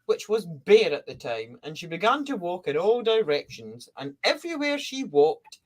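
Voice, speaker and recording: A woman co-hosting a podcast tells a creation myth in a casual, playful storytelling chat, breaking into silly character voices. Her voice is lowish and very animated, at a moderate pace.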